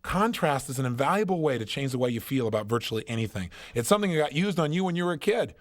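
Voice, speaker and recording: Emphatic, animated male motivational speaker. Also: medium pitch, fast. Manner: emphatic storytelling, rhetorical questions. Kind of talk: motivational seminar talk.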